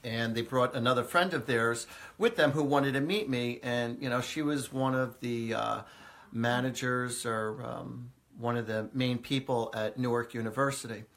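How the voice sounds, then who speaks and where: A man's voice: medium pitch, fairly even intonation, normal speed, a bit bright. Man, live-stream host, casual storytelling, chatty, many fillers, frequent laughter. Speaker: psychic medium hosting a live stream. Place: indoors, live video stream.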